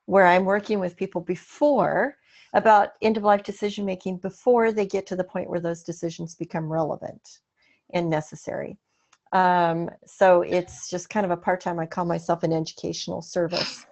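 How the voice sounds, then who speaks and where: A woman from Portland, Oregon, asking a thoughtful, hesitant question during a webinar, with many pauses and fillers. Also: on the low side, fairly even intonation, vocal fry, darkish tone. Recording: lo-fi webinar audio.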